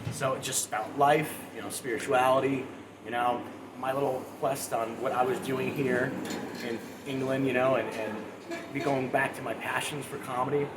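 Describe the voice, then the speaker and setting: A man's voice: medium pitch, fairly even intonation, normal speed. Earnest American man chatting casually. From United States. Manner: rambling, filler-heavy, earnest. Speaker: podcast host. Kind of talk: casual chat. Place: indoor market in a mall. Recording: distant mic, loud market noise.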